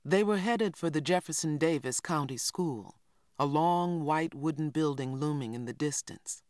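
Audiobook narrator with a steady, even delivery, close-miked and dry. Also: medium pitch, normal speed, no echo.

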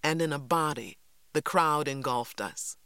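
A man reading a first-person story aloud with steady, expressive narration. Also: fairly high pitch, unhurried, clean tone, no room sound, clean studio sound. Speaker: audiobook narrator.

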